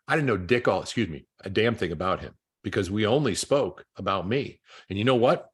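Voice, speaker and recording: A man's voice: lowish voice, animated, fairly quick, hardly any pauses, husky. A man coaching a group, telling stories and acting out both sides of phone calls. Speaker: real estate coach.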